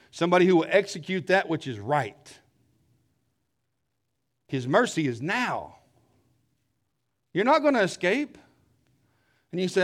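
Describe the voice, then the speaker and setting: Male preacher, high voice; emphatic sermon delivery with repetition and sudden drops to a hush. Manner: swings from loud emphatic shouting to low hushed tones; repeats phrases for emphasis, asks rhetorical questions. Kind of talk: fiery sermon.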